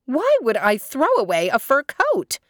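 A woman voicing a plump, fussy old farm woman, indignant and excitable. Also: high voice, measured pace, dry recording, clean studio sound, pitched above the performer's own voice, full character voice. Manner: excited, exclamatory calls.

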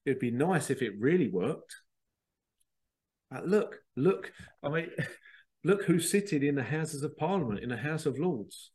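A podcast host rambles through a digressive monologue, mocking other people in put-on voices. His voice sits a little high, with an animated, measured delivery and a darkish tone.

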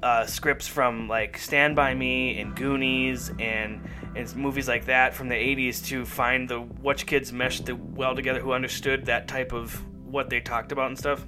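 A man hosts a casual talk show, rambling happily with plenty of ums and restarts. Music plays clearly behind his voice, which sits at an ordinary pitch. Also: steady tone, moderate pace. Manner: rambling, enthusiastic, lots of fillers. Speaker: podcast host. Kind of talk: casual chat.

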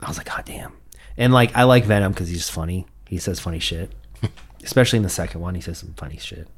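A man's voice: sits low, quick pace, husky. A young man in casual podcast chat, laid-back, swearing and laughing.

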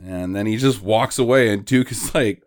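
A man's voice: fairly low pitch, moderate pace. A man co-hosting a casual movie-review chat, giggling often as he retells scenes with joking asides. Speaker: podcast co-host.

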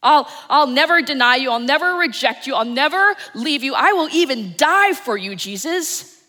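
A woman's voice: high-pitched, animated, normal speed, long reverb tail, pitched above the performer's own voice. A woman acting out a brash, boastful disciple. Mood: emphatic boasting. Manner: emphatic, loud protesting. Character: impulsive, boastful male disciple swearing loyalty.

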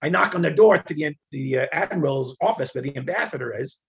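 Retired older man, gravelly fry-laden voice, spins lively anecdotes full of fillers and acted-out quotes. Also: fairly high pitch, fairly quick. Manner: animated, acts out quoted dialogue, frequent fillers. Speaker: interview guest, retired federal agent. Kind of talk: conversational storytelling.

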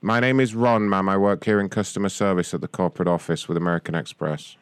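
A man playing a deadpan customer service agent in a prank phone call. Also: low-pitched, fast, clear, resonant tone. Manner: deadpan, mock-official phone manner. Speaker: prank caller.

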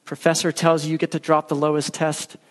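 Male pastor, slightly higher voice, emphatic sermon delivery, long hall reverb. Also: completely flat delivery, brisk. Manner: emphatic, earnest preaching with storytelling.

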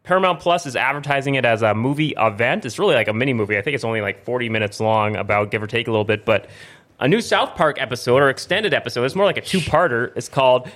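A man co-hosting a casual review podcast, in a mid-pitched voice. He recaps an episode in a loose, wandering way and keeps breaking off to restart his sentences. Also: quick pace, fairly bright tone. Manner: rambling, stops and restarts while recapping. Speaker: podcast co-host.

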